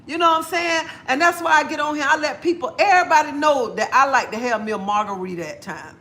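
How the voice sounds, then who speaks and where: High, bright-voiced chatty woman. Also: quick pace. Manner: blunt, chatty, laughs often. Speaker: livestream host. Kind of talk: casual livestream chat.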